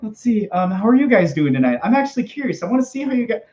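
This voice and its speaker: A man's voice: sits high, sing-song, quick pace, a little mellow, a little hiss or hum. A man putting on the voice of Morty, a nervous, stammering fifteen-year-old boy, while hosting a livestream chat. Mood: scared. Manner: stammering, repeating "oh geez" and "oh boy". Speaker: livestream host. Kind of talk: live-stream character chat. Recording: echoey room, dull lo-fi sound.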